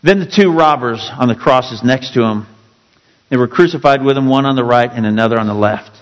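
A male pastor preaching a sermon with dramatic, emphatic storytelling that drops suddenly to quiet. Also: mid-range voice, brisk, big-room sound, low-quality recording.

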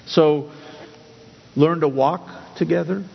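A middle-aged pastor preaches a sermon, earnestly sharing a personal story with frequent restarts and repeated words. His slightly high voice is slow, creaky and breathy-edged, and the recording sounds dull, with long hall reverb.

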